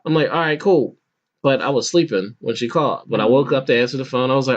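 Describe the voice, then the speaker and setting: A man in his thirties rambles through a funny personal story in casual podcast chat, stumbling over restarts and breaking into laughs. His voice sits at an ordinary middle pitch. The audio is muffled and lo-fi. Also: quick pace. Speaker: podcast host.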